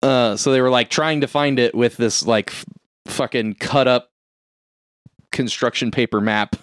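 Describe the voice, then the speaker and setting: A man's voice: mid-range voice, steady tone, unhurried, a bit bright, clear, resonant tone, no echo. Man, casual chat, rambling movie recap, swears a lot, acts out quotes, dry close sound.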